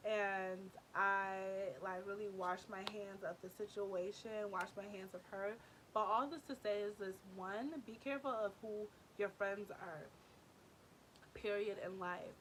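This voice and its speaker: A woman in her twenties tells a storytime vlog with lots of emphasis. Her voice sits at a middle pitch and keeps a chatty, animated flow. She fills her talk with "like" and "you know". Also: measured pace, a little hiss or hum. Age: 20s. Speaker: vlogger.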